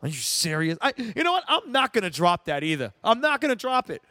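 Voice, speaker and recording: Animated man ranting about sports. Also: high-pitched, brisk, no echo, clean studio sound. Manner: animated, emphatic ranting with frequent laughs. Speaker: sports show host. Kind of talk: casual solo sports rant.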